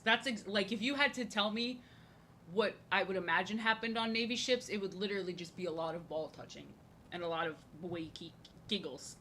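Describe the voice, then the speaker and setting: Woman, live-stream artist, casual rambling chat, jokey, repeats herself, sharp bright tone. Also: medium pitch, slight background noise.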